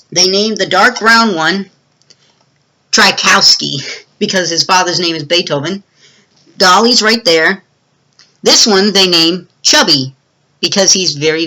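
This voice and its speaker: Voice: medium pitch, sharp tone, low-quality recording. A movie reviewer giving a casual, rambling plot recap with many fillers and restarts.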